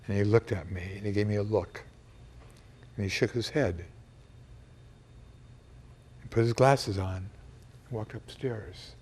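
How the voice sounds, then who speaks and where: An older man telling a personal memory in a reflective, emotional way, dropping to a hush at times. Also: lowish voice, a little slow, pauses often, husky. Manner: reflective and emotional, with quiet hushed passages. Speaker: storyteller recounting a personal memory. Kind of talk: personal storytelling to camera.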